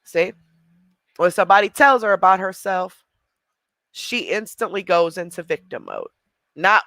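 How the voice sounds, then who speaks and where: A woman's voice: fairly low pitch, big pitch swings, moderate pace, a bit bright, dry recording. A woman giving blunt, mocking reaction commentary on a livestream.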